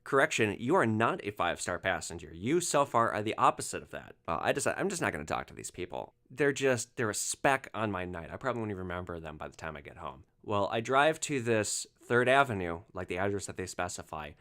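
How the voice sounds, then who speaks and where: A man hosting a podcast, telling a rideshare story in an animated monologue and acting out the passengers' lines. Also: on the low side, a little fast, hardly any pauses. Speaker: podcast host, former rideshare driver.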